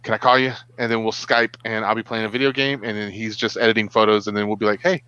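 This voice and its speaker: A man co-hosting a casual online talk show, telling stories in an animated way. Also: fairly low pitch, quick pace, clear, resonant tone, no echo, muffled recording. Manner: animated storyteller. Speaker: co-host. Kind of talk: casual chat.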